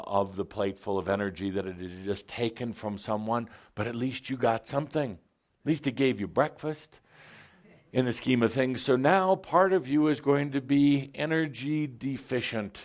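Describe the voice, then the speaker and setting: A man's voice: mid-range voice, normal speed, darkish tone. A man giving a live channeled spiritual talk to an audience, playful and theatrical, often laughing and teasing the people in the room. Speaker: channeler addressing a spiritual group.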